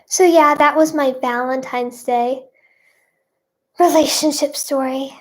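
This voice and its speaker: High, bubbly woman streamer. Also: steady tone, takes it slowly. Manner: bubbly, reads out viewers' guesses. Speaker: livestream host. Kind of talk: playful live chat with viewers.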